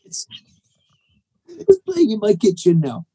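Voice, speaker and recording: A man's voice: high voice, huge pitch swings, slow, mellow, breathy edge. A man chatting casually as a podcast co-host, telling stories and laughing often. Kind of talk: casual chat.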